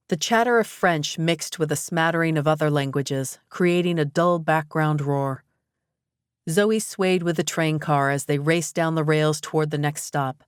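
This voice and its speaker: Low-voiced woman reading an audiobook. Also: measured pace, clean tone, no echo, clean studio sound. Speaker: audiobook narrator. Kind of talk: scripted narration.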